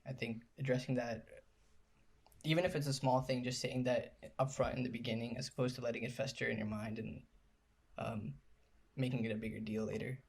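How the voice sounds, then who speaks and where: A young man co-hosting a podcast, talking in a calm, measured way. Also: mid-range voice, creaky, breathy edge. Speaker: podcast co-host. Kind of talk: casual chat.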